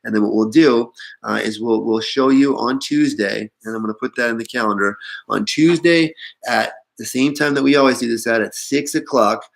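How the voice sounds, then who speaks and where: A man's voice: mid-range voice, gravelly. A man hosting a business webinar, talking casually with lots of fillers and restarts in an upbeat way. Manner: halting, filler-heavy, upbeat. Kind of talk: casual online meeting talk.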